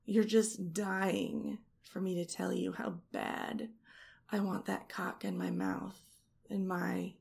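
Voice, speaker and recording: A woman speaks in an intimate erotic audio role-play, her delivery slow and unhurried and her voice heavily gravelly with a husky edge. She teases in a seductive murmur close on the mic, now and then dropping into a whisper. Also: on the low side, little pitch movement, darkish tone. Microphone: close studio mic.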